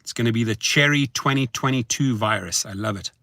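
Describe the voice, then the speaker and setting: Male vlogger, gravelly, chanting and rambling, hushed to whooping, dry close sound. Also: mid-range voice, fairly quick, no room sound. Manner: sing-song chanting, swings from hushed murmurs to excited whoops. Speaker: rideshare driver vlogger. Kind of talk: excited rambling monologue to viewers.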